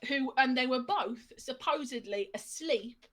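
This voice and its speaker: A woman's voice: sits high, a little slow. Laughing woman telling a story. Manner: laughs through her story, lively retelling. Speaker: storyteller on a stream. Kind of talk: casual anecdote telling.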